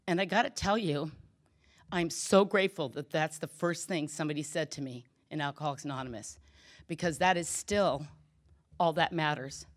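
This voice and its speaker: A woman's voice: sits low, normal speed. Candid woman sharing her recovery story. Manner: candid, emotional, self-deprecating with bursts of laughter. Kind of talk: personal testimony talk.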